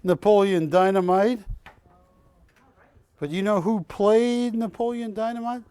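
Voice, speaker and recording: A man's voice: high voice, steady tone, measured pace, dark tone, smooth, no echo. A man hosting a live shopping-channel auction, bantering and calling out bids in a studio. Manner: jokey, chatty, calls bids and counts them down. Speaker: auction host.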